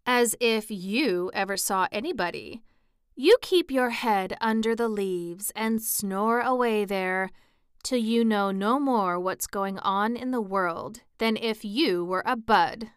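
Woman doing a loud, scolding tiger lily. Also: medium pitch, slow, clean tone, no room sound, studio quality, lightly acted. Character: loud, fretful female tiger lily flower. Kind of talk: storybook character reading.

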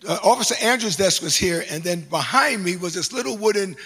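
Gravelly, animated preacher man. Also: high voice, a little fast. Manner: animated, self-mocking storytelling. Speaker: pastor. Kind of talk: storytelling sermon. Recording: long hall reverb.

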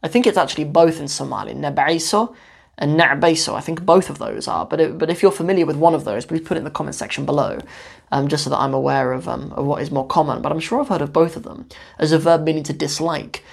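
A woman teaching a language lesson, patiently breaking words down slowly and explaining each one. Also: low-pitched, gravelly, slightly rough.

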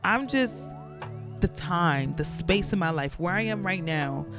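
A woman's voice: on the low side, big pitch swings, measured pace, over music. Candid woman hosting a faith podcast. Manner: candid, reflective, confessional. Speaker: podcast host.

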